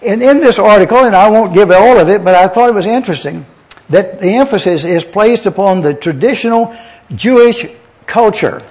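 A man's voice: high voice, moderate pace, a little mellow, husky. A man preaching a teaching sermon, addressing the congregation directly and spelling words out letter by letter. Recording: dull lo-fi sound.

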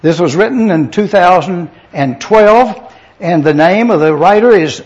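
A man's voice: sits high, animated, measured pace, darkish tone. A man preaching a teaching sermon, addressing the congregation directly and spelling words out letter by letter. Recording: dull lo-fi sound.

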